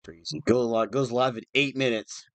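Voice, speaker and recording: A man's voice: mid-range voice, steady tone, moderate pace, dry recording. A young man chatting on a livestream, emotional and rambling, restarting his sentences often. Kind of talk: casual livestream chat.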